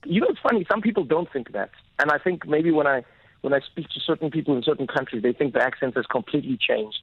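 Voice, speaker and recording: A man with a South African accent, a comedian talking as a guest in a radio interview and telling animated stories. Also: fairly high pitch, fast, no echo. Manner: lively storyteller, animated. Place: radio studio. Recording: dull, dry radio studio sound.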